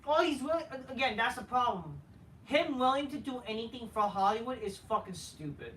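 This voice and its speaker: A man's voice: extremely high pitch, big pitch swings, a little fast, a bit bright. A man giving a casual ranting review of a wrestling show, profane, dismissive and rambling. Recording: roomy, faint noise, from a distance.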